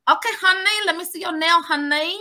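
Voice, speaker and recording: A woman's voice: very high-pitched, a little fast, sharp tone, voice pushed up, full character voice. A woman voicing a chatty nail salon worker with a put-on foreign accent, sing-song and coaxing.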